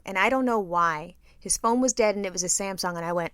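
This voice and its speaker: Bright-voiced woman telling a story, crisp and dry. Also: on the low side, a little fast, hardly any pauses, dry recording. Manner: animated, profane storytelling with acted-out quotes. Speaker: podcast co-host. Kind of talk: casual chat, storytelling.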